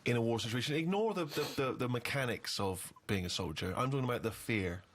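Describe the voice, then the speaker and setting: A man's voice: medium pitch, animated, fast talker. Man asking incredulous probing questions. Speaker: podcast co-host. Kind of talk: casual comic chat.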